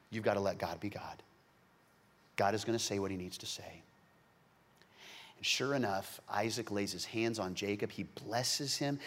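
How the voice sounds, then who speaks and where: A man preaching a sermon, telling a story with animated energy and frequent stammered repeats. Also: lowish voice. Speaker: pastor. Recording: long hall reverb.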